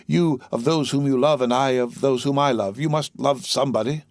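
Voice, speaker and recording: A man's voice: mid-range voice, fairly quick, a little mellow, no room sound, clean studio sound, lightly acted. A man voicing a desperate young male prisoner in an audiobook, pleading with earnest passion.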